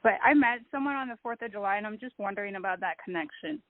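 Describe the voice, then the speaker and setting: A woman's voice: medium pitch, expressive, quick pace, dry recording. A woman from California calling in to a radio show, asking tentative questions. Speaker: caller. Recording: phone line, dry.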